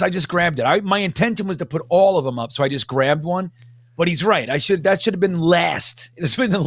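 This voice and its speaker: A man on a fan podcast panel, chatting casually and telling excitable stories. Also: high voice, no echo. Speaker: panelist and fan channel creator.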